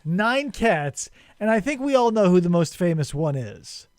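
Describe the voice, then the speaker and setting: A male podcast host talking in a rambling, sarcastic way and swearing freely. His voice is fairly high and very animated, with big swings in pitch. The sound is dry and close to the mic. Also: measured pace, few pauses, clear, resonant tone, no echo. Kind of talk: casual chat, retelling a story.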